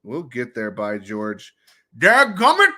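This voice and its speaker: A man hosting a casual livestream with a bright, forceful voice. He rambles, laughs often and swears, and his pitch swings widely as he jumps into loud, high outbursts. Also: expressive, normal speed. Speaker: livestream host.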